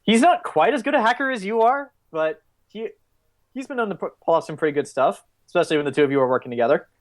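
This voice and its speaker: A man's voice: high-pitched, lively intonation. Rambling male game master. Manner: rambling, quick explanations with many fillers. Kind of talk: narrating a tabletop game.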